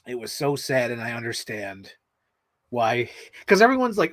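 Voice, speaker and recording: A man's voice: medium pitch, lively intonation, a little slow, fairly bright tone, no echo. A man hosting a vlog, chatting casually in an emotional, rambling way, full of fillers and frequent laughs. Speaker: vlog host. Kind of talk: casual chat.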